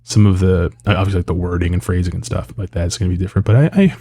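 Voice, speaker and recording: Man, low voice, casual rambling film reviewer, lots of fillers, swears freely. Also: level tone, racing, mellow, breathy edge.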